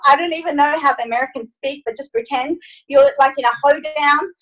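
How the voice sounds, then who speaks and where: High-voiced woman coaching over a phone. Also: brisk, fairly bright tone, lo-fi sound. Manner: upbeat, playful instructions. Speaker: life coach. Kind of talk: leading a group coaching call. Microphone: phone on a video call.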